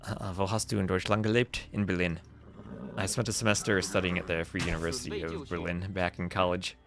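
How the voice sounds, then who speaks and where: A man's voice: sits low, level tone, a little fast, gravelly. A young man from New Jersey with a New Jersey accent, casting a strategy game live and chatting with viewers between plays. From New Jersey, USA. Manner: chatty, answers chat between play calls, laughs often. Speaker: game caster. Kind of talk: live-stream game commentary. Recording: game music behind the voice. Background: game music.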